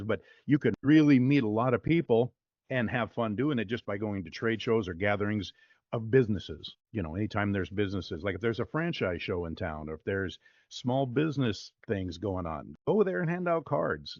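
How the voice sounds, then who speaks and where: Man, low voice, rambling, upbeat, dry dull audio. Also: animated, normal speed, darkish tone, dry recording. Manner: rambling, upbeat, lots of fillers. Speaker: voice-over artist guest. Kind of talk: casual interview talk.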